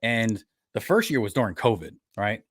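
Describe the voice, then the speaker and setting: A man's voice: on the low side, moderate pace, husky, no echo. Middle-aged new guy hosting a podcast, bouncy storytelling voice, dry close sound. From New York. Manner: animated storyteller who acts out what others said. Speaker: podcast host. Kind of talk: casual podcast chat.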